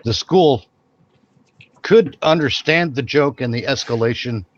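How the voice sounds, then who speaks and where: A man's voice: medium pitch, measured pace, lo-fi sound. A man co-hosting a podcast in casual chat, rambling, repeating and restarting his phrases as he goes. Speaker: podcast co-host.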